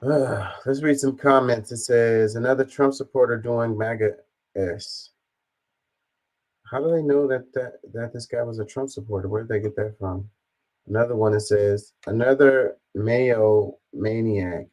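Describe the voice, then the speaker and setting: A man's voice: medium pitch, unhurried, darkish tone, poor audio. A man casually reacting to a news story, reading viewer comments aloud and swearing bluntly.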